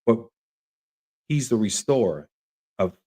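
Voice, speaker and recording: A man's voice: fairly low pitch, slow. Earnest man host telling a story. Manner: earnest, animated storytelling with acted-out voices. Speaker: podcast host. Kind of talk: casual testimony chat.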